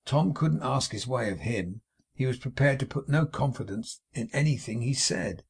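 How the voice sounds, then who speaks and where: A man with a gravelly, husky voice reading a classic novel aloud in a steady, measured way. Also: medium pitch. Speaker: audiobook narrator.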